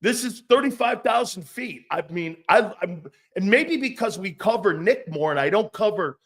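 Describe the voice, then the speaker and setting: A man hosting a casual sports talk show, blunt and animated, swearing freely. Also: high-pitched, moderate pace.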